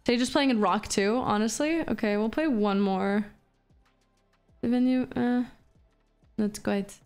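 A woman streaming a shooter game, chatting casually with her viewers, reading chat aloud and swearing between plays while feeling a bit unwell and low on energy. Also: a little slow, a little mellow, smooth, soft background music. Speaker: VTuber streamer.

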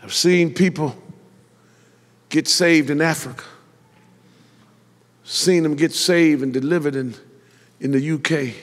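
Preaching slowly with long pauses, this Detroit pastor builds toward hollering climaxes and draws call-and-response from his congregation. His voice is on the high side with fairly even intonation, captured in the reverberant sanctuary of a church.

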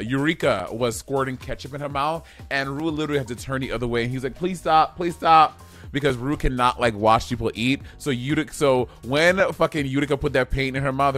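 A man's voice: mid-range voice, a bit bright. A man co-hosting a casual TV review chat, blunt and sassy, with lots of cursing. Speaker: co-host of a TV review show.

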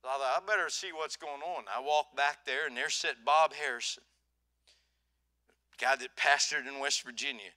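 A man preaching a sermon in a church, telling stories in an animated way that swings from hushed to loud. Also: mid-range voice, normal speed. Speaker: pastor. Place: church sanctuary.

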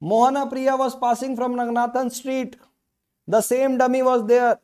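A man's voice: very high voice, flat delivery, moderate pace, a little mellow, clear, resonant tone. A man with an Indian English accent teaching a law lecture online, repeating key phrases with emphatic, rhetorical questions. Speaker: law tutor.

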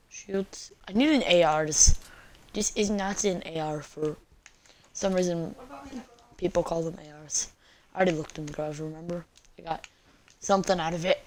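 A woman's voice: on the low side, fairly even intonation, normal speed, pauses often, a little mellow. Goofy, teasing woman gaming host. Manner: goofy, joking, playfully teasing viewers. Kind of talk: let's-play gameplay commentary.

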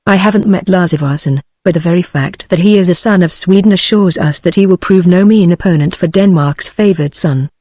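A British English text-to-speech female voice reading the lines of a jovial male sea captain announcing a fight, flat and synthetic. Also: fairly low pitch, brisk, few pauses, dry recording, clean studio sound, lightly acted. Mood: grandiose.

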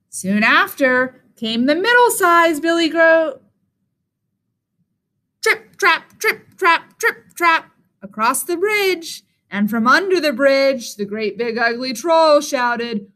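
Bright, slow storytime reader. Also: female voice, high-pitched. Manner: expressive, invites listeners to join in. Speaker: children's storyteller. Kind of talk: children's storytime reading.

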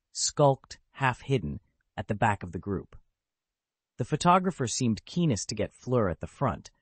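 A man narrates a fantasy novel with steady, expressive storytelling. His voice is low and husky, with a lively pitch range. The recording is dry and close. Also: no echo. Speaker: audiobook narrator. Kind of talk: scripted narration.

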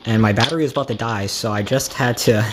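Excitable young guy narrating his mobile game, lots of cursing, loud noisy recording. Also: medium pitch, fast talker. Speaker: gamer. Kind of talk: casual gameplay commentary. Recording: loud background noise.

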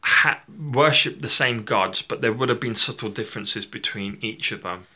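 Rambling chatty man with a bright voice. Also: medium pitch, normal speed, slightly rough. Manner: rambling, self-correcting, chatty. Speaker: channel host. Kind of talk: unscripted casual monologue.

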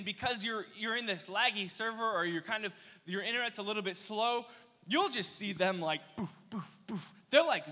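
A young man preaching a casual youth sermon, telling energetic, slangy stories with playful asides. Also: high-pitched. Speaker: youth pastor. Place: church hall. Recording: long reverb of a church hall.

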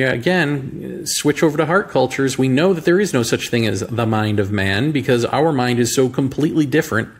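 An American man hosting a podcast, thinking aloud in a reflective monologue and asking rhetorical questions. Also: mid-range voice. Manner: musing, rhetorical questions, slow deliberate phrasing. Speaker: podcast host. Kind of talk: reflective monologue on politics and spirituality.

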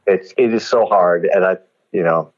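An older man, a guest actor in an interview, telling animated anecdotes, laughing often and slipping into voices for the people in his stories. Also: deep voice, moderate pace. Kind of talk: storytelling interview. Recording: dull lo-fi audio.

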